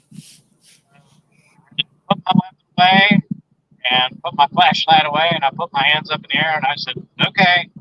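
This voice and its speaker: A man, a guest on a phone interview, recounting an encounter in a halting, emphatic way with repeated words. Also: mid-range voice, bright, forceful tone, no echo. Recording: dull lo-fi phone line.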